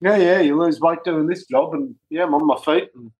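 A man's voice: on the high side, brisk, darkish tone. A man telling a comic phone story in casual chat, acting out the voices as he goes. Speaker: guest on a chat show.

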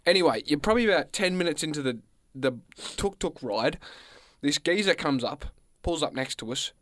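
A man's voice: on the high side, expressive, normal speed, fairly bright tone, no room sound, studio quality. A man co-hosting a radio show, telling a rambling story in casual chat. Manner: rambling storyteller, acts out quoted voices. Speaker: co-host.

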